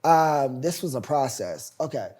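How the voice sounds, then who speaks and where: A young man in his twenties tells his story in a relaxed interview. He acts out the people he quotes, jumping far up in pitch and volume for their lines. His telling is lively and full of expression. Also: unhurried. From United States. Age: 20s. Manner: animated, acts out quoted voices loudly. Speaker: playwright and showrunner guest.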